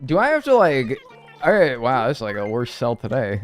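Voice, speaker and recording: Young male streamer, lively swooping delivery, chatty joking banter with chat, faint game music under him. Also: medium pitch, moderate pace. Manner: animated, joking banter with sudden mock outrage. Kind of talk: casual live-stream chat, reading viewer messages.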